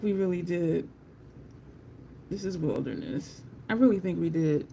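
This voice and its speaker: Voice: medium pitch, measured pace, creaky, warm tone, slight background noise. A beauty live-streamer in casual, chatty talk with viewers while swatching makeup, laughing often.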